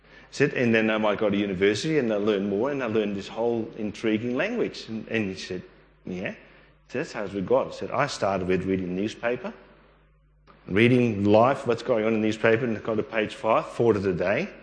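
A man's voice: on the low side, fairly quick. An older man giving a rambling testimony in a church hall, acting out the dialogue he recalls. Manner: rambling, acts out quoted dialogue. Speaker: church member sharing testimony. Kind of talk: storytelling testimony. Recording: echoey hall.

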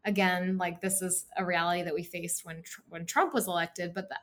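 A woman's voice: on the low side, flat delivery, fairly quick, fairly bright tone. A young woman from the United States in a casual conversation about the news, chatty and worried, with many fillers. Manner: talkative, filler-heavy, concerned.

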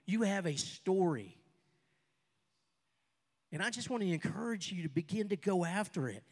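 An older man, a pastor, preaching a sermon and telling stories, with sudden loud bursts and quieter asides. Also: sits high, animated, normal speed. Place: church hall with a congregation. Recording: long reverb of a large hall.

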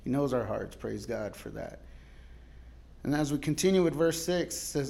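A male guest pastor giving a sermon in a casual, storytelling way, laughing often and moving between loud cries and quiet asides. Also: a little high, expressive, normal speed, vocal fry.

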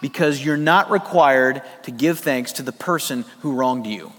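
A man's voice: medium pitch, measured pace, fairly bright tone. A man preaching a sermon as pastor, telling stories in a conversational way with comic asides. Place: church sanctuary. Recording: long hall reverb.

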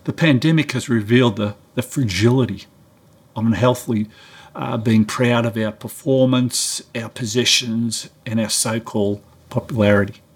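A man's voice: moderate pace, slightly rough. A middle-aged man giving a sermon-style talk, telling a story and acting out both sides of the dialogue. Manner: animated storyteller, acts out dialogue with raised pitch. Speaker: preacher.

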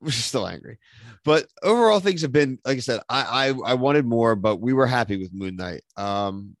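Male podcast host, mid-pitch, excitable, rambling with fillers; dry close recording. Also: moderate pace, no echo. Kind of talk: casual pop-culture podcast chat.

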